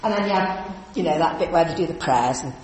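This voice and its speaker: A woman preaching in a chatty, animated storytelling way in a church. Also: sits low, a little fast, a little hiss or hum. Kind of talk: lively church talk. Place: church hall. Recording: echoey church hall from a distance.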